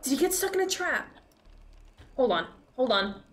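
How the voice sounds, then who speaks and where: A woman's voice: high voice, very animated, normal speed, a bit bright. A young woman streaming a horror game, chatting casually, swearing and shrieking with laughter when scared. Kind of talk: casual gameplay commentary. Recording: echoey room with faint noise.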